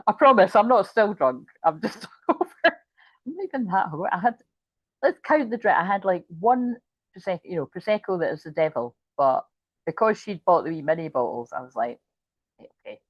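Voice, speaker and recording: A woman's voice: on the low side, lively intonation, moderate pace, dry recording, highs cut off. Rambling, giggly woman reading tarot. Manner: rambling, giggly, sweary, full of asides. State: tired. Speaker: tarot reader. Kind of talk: casual tarot reading chat.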